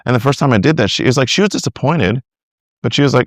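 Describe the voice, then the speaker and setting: A middle-aged man telling stories on a podcast about discipleship. He talks in an animated way, acts out what people say, and often restarts his sentences. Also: mid-range voice, a little fast, no echo, clean studio sound. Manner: animated storyteller, acts out quotes, many restarts. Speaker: discipleship teacher, guest. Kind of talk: conversational podcast interview.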